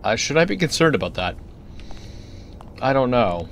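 A man's voice: fairly high pitch, expressive, normal speed, slight background noise. A man giving casual commentary while playing a game, chatty and easily startled, wandering into rambling asides. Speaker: let's play gamer.

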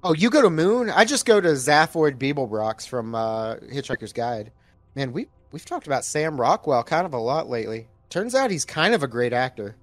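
A man co-hosting a casual movie-review podcast, jokey and quick to laugh. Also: medium pitch, lively intonation, dry recording, soft background music. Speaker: podcast co-host.

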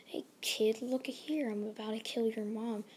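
A woman's voice: a little high, fairly even intonation, normal speed, a little mellow, a little hiss or hum, close to an everyday voice. A woman doing a taunting male killer. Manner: taunting, threatening. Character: cruel male serial killer taking hostages.

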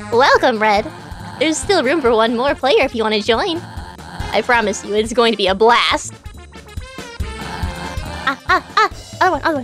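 A woman streaming a video game, chatting and reading in-game dialogue aloud in a bubbly, playful way. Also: a little high. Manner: bubbly, reads in-game characters in playful voices. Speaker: VTuber streamer. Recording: faint game music behind.

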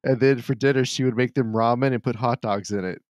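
A man's voice: mid-range voice, steady tone, brisk, a little mellow, dry recording, muffled recording. A man co-hosting a casual podcast, rambling through anecdotes with crude jokes and laughing often. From United States. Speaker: podcast co-host.

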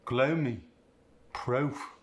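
A man's voice: mid-range voice, lively intonation, unhurried, fairly bright tone, echoey room. A man voicing a cheeky Cockney Londoner, demonstrating example lines with tag questions in a broad put-on accent.

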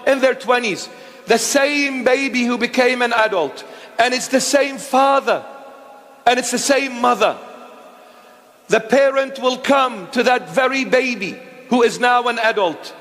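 High-voiced preacher in a reverberant church. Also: male voice, a bit bright. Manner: call-and-response questioning, emphatic. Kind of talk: sermon. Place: church hall.

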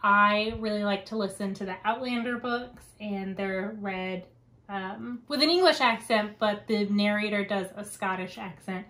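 A woman's voice: mid-range voice, unhurried, fairly bright tone. A young adult woman hosting a podcast in casual chat, talkative and given to tangents and laughter. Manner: chatty, laughs often, wanders onto tangents. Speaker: podcast host.

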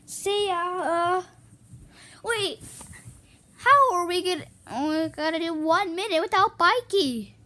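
A woman improvising playful toy-movie dialogue, excitable and exclaiming, often slipping into sing-song. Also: high-pitched. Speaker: home movie maker voicing toy characters.

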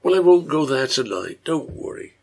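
A man voicing a gentle drunkard father. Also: fairly high pitch, very animated, moderate pace, husky, voice pushed up, heavily acted. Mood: tender. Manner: gentle, tender.

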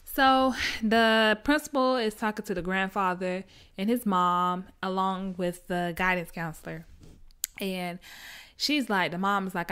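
A young woman chatting casually through a TV episode recap, animated and acting out the characters' lines as she goes. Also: medium pitch, unhurried, smooth. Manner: animated storyteller who acts out character lines. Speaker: TV recap vlogger.

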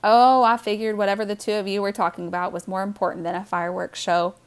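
A woman voicing a cheerful, playful middle-aged mother in a lively storybook reading. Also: medium pitch, fast talker, clean tone, close to an everyday voice. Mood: gentle.

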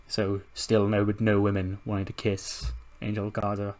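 A man's voice: on the low side, completely flat delivery, a little slow, few pauses, a little mellow. A man narrating a wrestling management game in a laid-back, casual way, swearing freely. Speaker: video game commentator. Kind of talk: casual let's-play narration.

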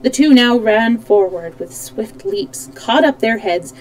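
Mellow-voiced woman reading a storybook. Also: on the high side, unhurried, low-quality recording. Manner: animated, switching voices for characters with small slips. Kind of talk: reading a children's book aloud. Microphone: streaming microphone.

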